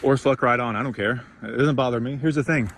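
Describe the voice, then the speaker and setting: A man's voice: mid-range voice, quick pace, fairly bright tone, a little hiss or hum. A man delivering an intense, profane motivational rant, rambling and mocking himself as he goes. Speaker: podcast host.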